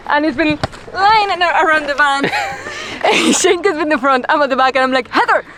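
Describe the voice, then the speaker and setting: A woman's voice: high-pitched, normal speed. A Spanish woman in her thirties whose English carries a mix of Spanish and Irish accent, chatting and laughing through stories outside a camper van. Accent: mixed Spanish and Irish. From Spain. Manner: giggly, animated storytelling. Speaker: vlogger. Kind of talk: casual chat. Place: outdoors beside a camper van.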